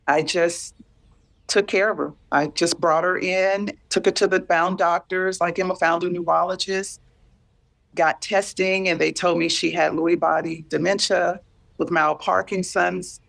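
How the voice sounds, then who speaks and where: Creaky-voiced woman sharing a hard story. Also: fairly low pitch, fairly even intonation, fairly bright tone. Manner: halting, repeats herself, earnest. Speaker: guest sharing caregiving story. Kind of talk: candid emotional conversation.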